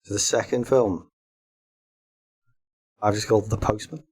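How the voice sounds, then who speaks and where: Man, co-host, lowish voice, casual chat, giggly, pitching daft ideas. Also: fairly even intonation, measured pace, darkish tone, slightly rough. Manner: pitches silly comedy film ideas, laughs often. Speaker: podcast co-host.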